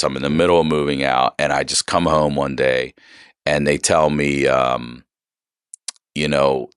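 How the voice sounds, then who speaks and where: A man's voice: very deep voice, fairly bright tone, smooth, dry recording, studio quality. A man in his forties, a podcast guest, candidly retelling a personal story in casual, profane, emphatic talk.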